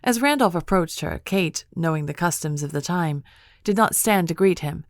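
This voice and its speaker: A woman with a low voice narrates a cozy mystery audiobook. She keeps a measured, even storytelling pace. The sound is dry and close, with no room in it. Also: no room sound. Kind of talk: scripted narration.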